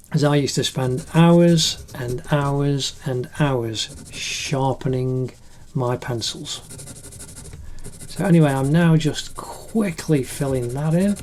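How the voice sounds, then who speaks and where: A man's voice: mid-range voice, darkish tone, a little hiss or hum. A middle-aged man narrating a drawing tutorial in a chatty, encouraging way, like an art teacher.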